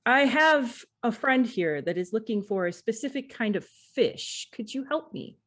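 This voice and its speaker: Woman playing a proud halting dragon. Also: on the high side, expressive, fairly bright tone. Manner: broken grand phrasing.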